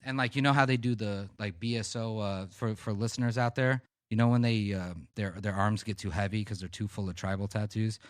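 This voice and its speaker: Low-voiced man telling rambling stories. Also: fairly quick, hardly any pauses, dry recording, studio quality. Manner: rambling, profane, animated anecdotes. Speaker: podcast co-host. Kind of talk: casual storytelling chat.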